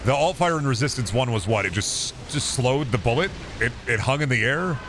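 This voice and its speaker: A male streamer rambles through jokey, profane gameplay commentary in a mid-pitched voice. Game sound plays clearly behind him. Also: expressive, a little fast, fairly bright tone, slight background noise. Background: video game sound.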